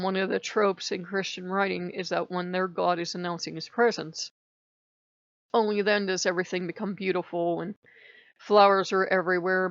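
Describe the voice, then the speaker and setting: A woman with a low voice and a stuffy nose, chatting in a rambling way in a casual spiritual vlog. Her voice is gravelly with fry. The recording is dry and dull, like lo-fi. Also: no room sound. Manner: rambling, chatty, quotes others in little voices. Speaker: pagan devotional vlogger.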